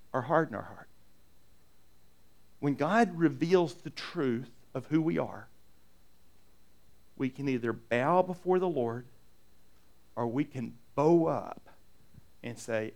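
Pastor, male, slightly high voice, talky sermon delivery with restarts and rhetorical questions. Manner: conversational preaching with repetitions and rhetorical questions.

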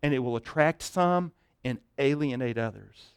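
Animated pastor preaching a sermon. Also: male voice, mid-range voice, normal speed, smooth, no echo, clean studio sound. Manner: animated storytelling, dropping to a hush for tender moments; repeats words and restarts while thinking aloud.

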